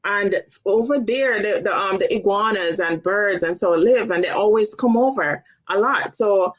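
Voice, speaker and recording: A woman's voice: medium pitch, moderate pace. A woman co-hosting a casual chat, telling stories and laughing often. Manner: chatty storyteller, laughs often.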